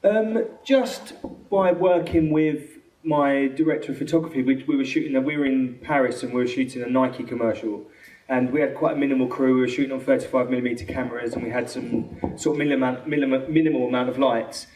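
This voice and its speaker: A film director answers audience questions in a London accent, and the man speaks in a quick, rambling stream that keeps looping back on itself. He sits well away from the microphone, so his voice carries the reverb of a large cinema hall. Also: medium pitch, steady tone, a little mellow. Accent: London English. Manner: fast, rambling, full of restarts and quoted dialogue. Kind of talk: Q&A answers after a screening. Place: cinema auditorium. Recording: echoey hall from far off.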